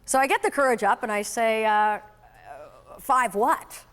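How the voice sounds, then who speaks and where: High-voiced woman telling a sales story. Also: brisk, smooth. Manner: storytelling, lively and conversational. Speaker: sales trainer. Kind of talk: motivational sales talk.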